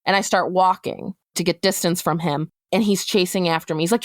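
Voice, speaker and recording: A woman recounting a distressing personal story for a podcast, talking quickly and acting out what people said. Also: on the low side, no echo, studio quality. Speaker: interviewee recounting her story.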